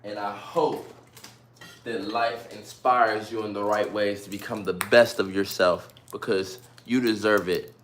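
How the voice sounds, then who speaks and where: A man's voice: on the low side, fairly even intonation, a little slow, fairly bright tone, echoey room, a little hiss or hum. A man casually chatting and joking with viewers during a live stream, talking straight to them. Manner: chatty, playful, addresses viewers directly.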